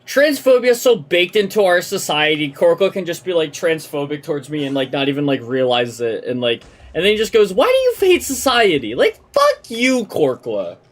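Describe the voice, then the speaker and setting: A woman's voice: deep voice, fairly quick, hardly any pauses. A young adult woman streaming a game, chatting and ranting with lots of swearing. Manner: ranting, profane, animated. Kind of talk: live game-stream chat.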